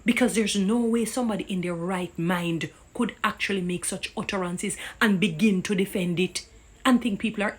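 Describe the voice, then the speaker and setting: A woman's voice: on the low side, slightly rough. A woman with a Jamaican accent delivering an impassioned, indignant opinion rant that preaches and cites scripture. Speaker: commentator.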